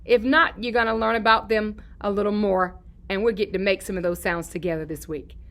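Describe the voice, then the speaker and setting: Bright-voiced woman teaching young children. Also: medium pitch, steady tone, gravelly. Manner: sing-song, repeats key words slowly; asks questions and answers them herself. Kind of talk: children's lesson to camera.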